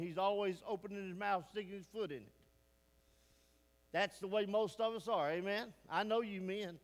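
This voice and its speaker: A man preaching a folksy, emphatic sermon in a church sanctuary, often asking the congregation questions. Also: high voice. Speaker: pastor. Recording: long hall reverb.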